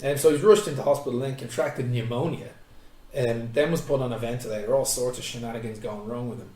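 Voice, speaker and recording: A man's voice: mid-range voice, steady tone, fast, dark tone. Chatty male host, off-mic in an echoey room. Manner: frank, chatty, laughs often. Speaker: podcast host. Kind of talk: casual chat. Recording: distant roomy mic with faint noise.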